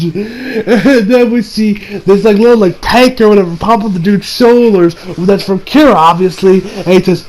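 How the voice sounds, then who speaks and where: A man's voice: high-pitched, normal speed, hardly any pauses, darkish tone, rough recording. A young man casually recapping an anime episode, rambling and playful, laughing as he retells scenes.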